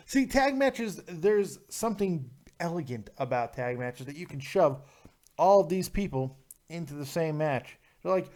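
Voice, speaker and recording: A man with a fairly high voice hosts a live call-in review. He talks in a brash, profane, mocking way, firing back at chat comments in casual rants. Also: animated, unhurried, a little mellow. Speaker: show host reviewing wrestling.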